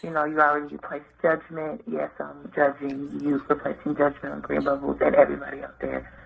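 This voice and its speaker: A man's voice: on the high side, completely flat delivery, a little fast, gravelly, breathy edge. A man leaving a rambling voicemail in a groggy morning voice, thinking aloud with lots of fillers. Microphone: phone. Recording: tinny phone line voicemail.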